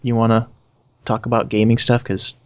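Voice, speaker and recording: Wry podcast host, dull lo-fi sound. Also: male voice, medium pitch, monotone, moderate pace, smooth, no room sound. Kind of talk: casual chat.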